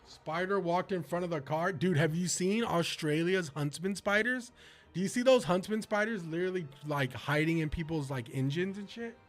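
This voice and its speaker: High-voiced, slangy male streamer. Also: normal speed. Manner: slangy, animated, laughs often. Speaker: gaming streamer. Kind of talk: casual storytelling while playing.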